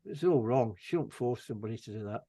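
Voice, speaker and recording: A man's voice: mid-range voice, animated, quick pace, warm tone, no echo. An older man from England in casual chat as a guest, rambling and dry-humoured.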